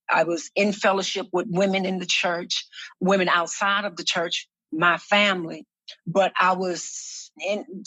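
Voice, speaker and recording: A woman with a lowish voice tells her story as a podcast guest, slow and earnest, circling back over her words. The sound is dry and close, with no room around it. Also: a bit bright, dry recording. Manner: earnest, slow and reflective, repeats words as she speaks. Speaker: guest, minister and activist. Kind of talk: personal testimony in a podcast interview.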